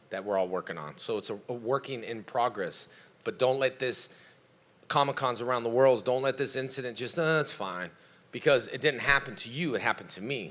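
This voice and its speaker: A man with a mid-range, bright, forceful voice sits on a convention panel taking fan questions. He answers as the karate teacher he is, encouraging self-belief, and switches into lively character voices whenever he quotes anyone.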